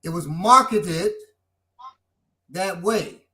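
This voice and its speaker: Podcast host, middle-aged Chicago man, bright tense voice, a touch high, animated storyteller. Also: drawn-out words. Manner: animated storyteller, lively swings in pitch and loudness. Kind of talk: casual chat.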